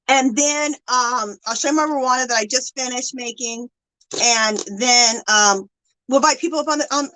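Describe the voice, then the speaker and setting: A woman's voice: sits high, low-quality recording. A woman hosting a casual craft livestream, chatting with viewers and gushing with thanks. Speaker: livestream host.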